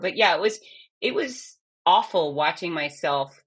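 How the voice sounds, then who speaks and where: A woman's voice: on the low side, lively intonation, breathy edge. A middle-aged woman, a fitness expert, speaking candidly and with emotion as an interview guest. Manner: candid, emotional, quick bursts. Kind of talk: conversational interview.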